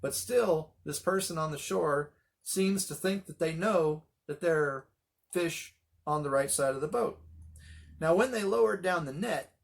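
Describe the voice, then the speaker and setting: A middle-aged man leading a Bible study, telling the story with animated voices for the quoted lines. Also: fairly high pitch, vocal fry. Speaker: pastor.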